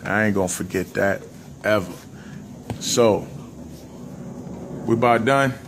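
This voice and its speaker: A man with a Southern US accent chatting casually, telling an animated story among friends. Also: lowish voice, slow, a little hiss or hum. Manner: animated storyteller, acts out quotes. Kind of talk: casual chat. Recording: music playing in background.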